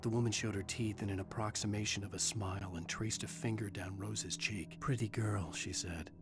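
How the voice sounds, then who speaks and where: An actor narrating as a brooding novelist in a video game, measured and somber. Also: male voice, lowish voice, steady tone, music in the background, close to an everyday voice. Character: brooding male novelist narrating, middle-aged. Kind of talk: scripted narration.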